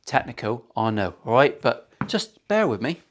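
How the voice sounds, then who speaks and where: A man's voice: mid-range voice, sing-song, moderate pace, a little hiss or hum. A man building a guitar in his workshop, talking casually to camera with cheeky banter, plenty of swearing and jokey asides. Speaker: luthier.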